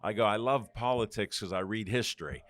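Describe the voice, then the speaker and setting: An older man rambles through anecdotes in a fairly low voice, slipping into the voices of the people he quotes. His laugh breaks in often. The sound is dry and close, with no room around it. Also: fairly quick, a bit bright, no room sound. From Pittsburgh. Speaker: guest. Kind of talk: casual storytelling interview.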